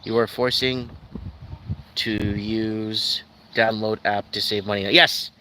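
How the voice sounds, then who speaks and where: A man's voice: fairly low pitch, slow pace. Rambling man ranting on a livestream. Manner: ranting, skeptical, loose and rambling with frequent restarts. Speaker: livestream host. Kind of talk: rambling live stream chat, reading viewer comments. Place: at home in Calgary. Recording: steady background noise with passing vehicles.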